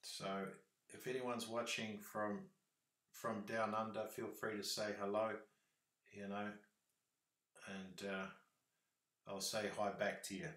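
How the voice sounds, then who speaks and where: A man's voice: fairly low pitch, little pitch movement, slow pace, pauses often, a bit bright, roomy sound. A man with a New Zealand accent chatting casually on a livestream, rambling with lots of fillers.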